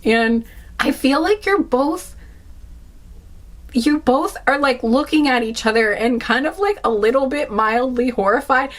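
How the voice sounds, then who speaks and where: A woman giving a casual pick-a-card reading, rambling and giggling, with "like" in nearly every phrase. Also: a little slow. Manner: rambling, says 'like' constantly, giggly; acts out quoted reactions in a higher pitch. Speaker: tarot card reader.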